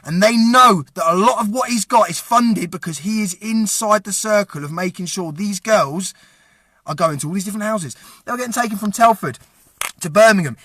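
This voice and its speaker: High, sharp-voiced angry man. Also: breathy edge, dry recording, studio quality. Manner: angry, impassioned, swearing. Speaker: vlogger. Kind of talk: direct-to-camera rant.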